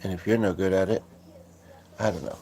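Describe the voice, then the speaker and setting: A man hosting a casual livestream from his couch, talking in a groggy morning voice with many halting fillers and restarts. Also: low voice, steady tone, a little mellow, husky. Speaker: livestream host. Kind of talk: casual rambling livestream chat. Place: at home on a couch.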